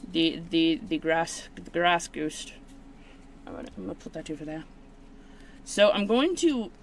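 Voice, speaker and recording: Woman host, card-opening video: slow, meandering, self-mocking talk, faint noise behind her. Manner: rambling, self-mocking, with sudden high excited squeals. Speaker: channel host.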